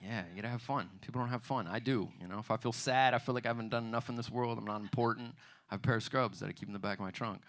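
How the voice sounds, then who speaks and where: Man, stand-up comedy set, gravelly low voice, bright edge, faint noise behind. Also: very fast. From United States. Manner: loose, conversational, frequent "you know what I mean". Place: theater bar stage.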